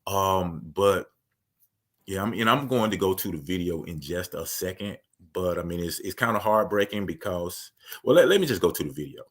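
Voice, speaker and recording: Male podcast co-host, very low voice, earnest and measured news talk. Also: animated. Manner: earnest, measured, recounting events in detail. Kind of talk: casual discussion of news.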